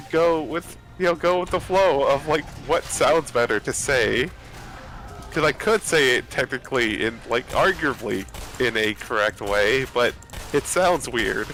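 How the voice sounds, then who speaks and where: Over a voice chat headset, a man with a slightly high, sharp-toned voice chats casually with friends while gaming. He rambles, full of fillers and restarts.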